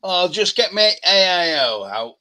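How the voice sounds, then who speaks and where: Slow, bright-voiced man complaining. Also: high voice, very animated. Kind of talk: casual chat.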